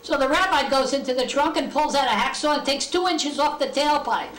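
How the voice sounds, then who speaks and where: Lady voicing a squeaky little puppet comic doing bar jokes, roomy echo. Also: a little fast, over loud music, close to an everyday voice. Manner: joke-telling, mimics bar patrons with shifting voice.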